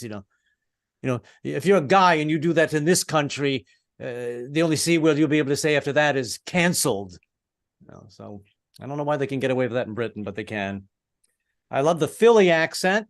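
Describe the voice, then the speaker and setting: A middle-aged American man doing an online stand-up set, halting and restarting, with deadpan punchlines. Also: on the high side, dry recording, clean studio sound. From American East Coast. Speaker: stand-up comedian. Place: home in Brooklyn, online show.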